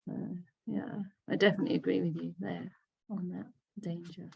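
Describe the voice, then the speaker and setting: A Buddhist nun leading a discussion group over a video call, answering questions in a thoughtful, laughing way. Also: female voice, fairly low pitch, flat delivery, normal speed, creaky, slightly rough, muffled recording. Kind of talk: casual teaching discussion.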